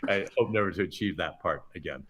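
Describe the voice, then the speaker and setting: A middle-aged man, a chef guest on a podcast, telling an anecdote with lively, expressive delivery and acted-out quotes. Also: deep voice, fast, crowd noise. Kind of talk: animated storytelling in podcast interview.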